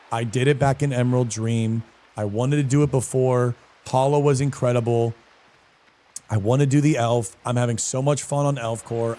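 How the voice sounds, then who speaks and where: A man live-streaming a game, chatting casually with viewers in a slangy, animated way and answering chat messages. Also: mid-range voice, a little hiss or hum. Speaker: streamer and guild leader.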